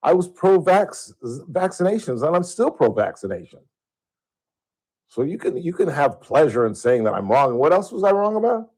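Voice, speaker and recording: Talk radio host, male. Heated sarcastic ranter with a high, very lively voice. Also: moderate pace, husky, rough recording.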